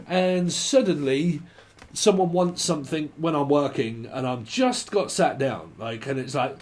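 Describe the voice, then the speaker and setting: A man's voice: on the high side, darkish tone. A man giving a casual, rambling tarot reading, often swearing and laughing. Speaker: tarot reader.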